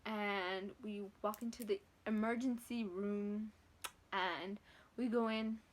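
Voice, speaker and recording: In a slow, medium-pitched voice, a young adult woman casually recounts a long personal story for her vlog. She's lively, imitates the voices of others involved, swears freely, and blends in Spanish.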